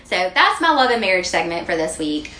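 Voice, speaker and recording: A woman co-hosting a podcast, telling funny stories in a casual, animated way and laughing often. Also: fairly low pitch, a little fast, slight background noise. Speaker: podcast co-host. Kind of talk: casual chat. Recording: roomy echo.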